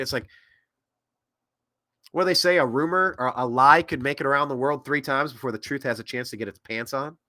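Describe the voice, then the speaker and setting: A man hosting a political commentary show, ranting in an animated way that swings between loud and soft. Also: mid-range voice, dry recording, studio quality. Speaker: host.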